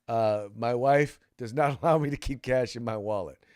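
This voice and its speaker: A man's voice: medium pitch, normal speed, darkish tone. A man hosting a casual political talk podcast and reading sponsor spots. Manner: conversational, reads ad copy. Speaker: podcast host.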